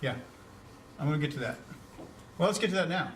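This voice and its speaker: A man teaches a beginners' class in a chatty, joking way, asking students questions as he goes. His voice sits a little high. He is recorded from some distance in a classroom with faint background noise. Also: animated, brisk. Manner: conversational, quizzes students, chuckles at own puns. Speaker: Greek instructor. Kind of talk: classroom lecture.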